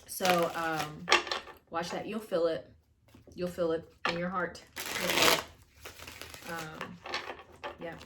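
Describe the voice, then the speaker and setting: A woman's voice: lowish voice, little pitch movement, takes it slowly, long pauses, heavy background noise. Rambling woman reading tarot at home. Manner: rambling, swears, fillers, talks to spirits. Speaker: tarot reader. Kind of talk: casual channeled tarot reading. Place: home with washer running.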